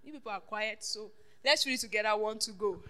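A woman preaching a sermon, questioning her congregation and swinging between loud declarations and hushed asides. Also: mid-range voice, fairly quick. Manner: call-and-response questioning the congregation.

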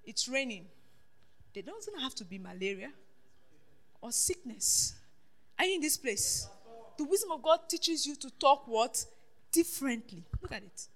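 A woman preaching a sermon, questioning her congregation and swinging between loud declarations and hushed asides. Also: high voice, sing-song, unhurried, long pauses. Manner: call-and-response questioning the congregation.

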